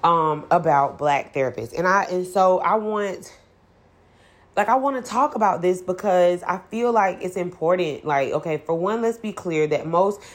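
A woman's voice: fairly low pitch, moderate pace. A woman hosting a podcast in casual solo chat, chatty and playful, laughing often and swearing freely. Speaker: podcast host.

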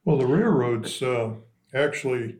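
An older man telling local history stories in a casual, animated way, voicing the people in his anecdotes. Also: mid-range voice, measured pace. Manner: animated anecdotes, quoting voices. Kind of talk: casual storytelling.

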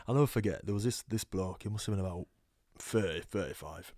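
A young man, a rugby player guest telling animated stories in a casual podcast chat. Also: low voice, a little fast, dry recording, studio quality. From England. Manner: storytelling, animated quoting, laughs often. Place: podcast studio.

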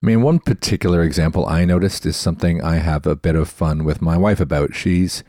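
A man's voice: deep voice, brisk, mellow, no room sound, clean studio sound. A man hosting a tech podcast in a chatty, explanatory way, often spelling words out letter by letter. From Canada. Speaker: podcast host. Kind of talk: casual explanatory podcast talk.

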